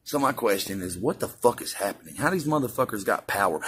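A man delivering a profane, ranting monologue as a vlogger, swinging between loud preaching and hushed musing. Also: lowish voice, expressive, fast talker, few pauses, slightly rough.

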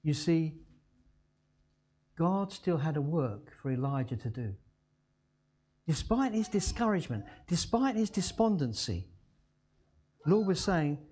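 A male pastor delivers a sermon in a mellow, warm voice. He tells the story dramatically, his pitch swinging widely, and he slows almost to a hush on the words he wants to land. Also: sing-song, husky.

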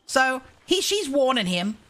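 Woman doing a cussing young outlaw guy, high voice that jumps around a lot, roleplay story mode. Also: measured pace, a little hiss or hum, full character voice. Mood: brash. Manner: swears constantly, animated storytelling. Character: brash young male outlaw, cursing, boastful. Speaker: roleplay streamer.

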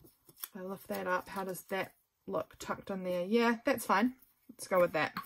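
A woman's voice: mid-range voice, fairly even intonation, unhurried, gravelly, slight background noise. A woman chatting casually to her viewers while she crafts, talking through each step with self-mocking jokes, her voice a little sore from talking. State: voice getting sore. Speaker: craft vlogger. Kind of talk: casual journal-with-me narration.

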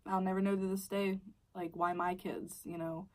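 A woman's voice: mid-range voice, flat delivery, normal speed, distant mic. Woman vlogger, young adult, blunt storyteller who swears and whispers asides, slightly off-mic. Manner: candid, swearing, drops into whispers. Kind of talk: casual storytime chat.

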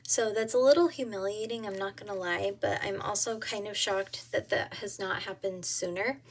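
A woman's voice: medium pitch, steady tone, normal speed, slightly rough. A woman chatting casually to camera at home about her planner, giggly and full of ums. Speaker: planner vlogger.

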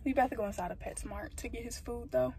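A young woman chatting excitedly and rambling in a casual vlog, recorded on a phone inside a car. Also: a little high, fast. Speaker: vlogger. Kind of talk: casual vlog chat to camera. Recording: distant phone audio with loud road noise.

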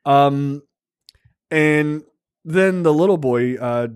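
A man's voice: a little high, drawn-out words, clear, resonant tone, no echo, studio quality. A man co-hosting a casual movie review podcast, recapping scenes in a rambling, profane way with many filler ums. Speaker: podcast co-host.

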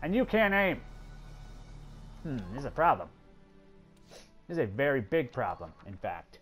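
A man's voice: medium pitch, big pitch swings, moderate pace, fairly bright tone, faint music behind. A man commenting on his own strategy game play, exasperated and swearing, talking to the characters on screen. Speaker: gameplay commentator.

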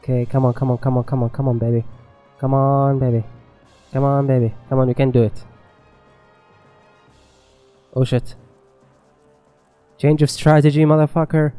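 A man's voice: mid-range voice, little pitch movement, a little fast, pauses often, warm tone, long reverb tail, faint music behind, rough recording. A man giving casual gameplay commentary as a let's play gamer, swearing a lot and talking back to the game.

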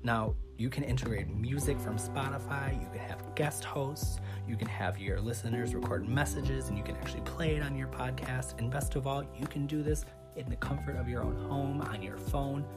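A man hosting a podcast, reading a sponsor spot in an upbeat, persuasive way that sometimes drops to a hush. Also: medium pitch, normal speed. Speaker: podcast host. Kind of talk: sponsor read. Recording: loud music behind.

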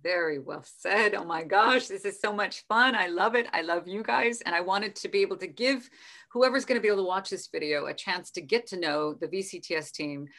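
Bright, bubbly woman hosting a video call. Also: mid-range voice, fairly quick. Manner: bubbly, laughs often, playful. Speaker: host. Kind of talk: casual video call chat.

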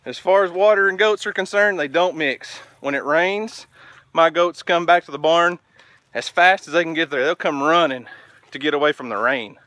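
A man's voice: on the high side, normal speed, bright, forceful tone, no echo. A man, vlogging outdoors by a farm creek in a folksy way and talking to the camera while out of breath. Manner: folksy, talks to camera and coaxes goats. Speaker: homestead vlogger. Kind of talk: casual outdoor vlog.

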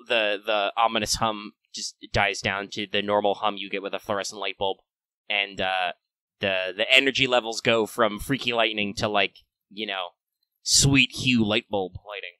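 A man's voice: on the low side, steady tone, normal speed, bright, forceful tone, clear, resonant tone, no echo. A man narrating a tabletop game as game master, in a loose, rambling way with lots of fillers.

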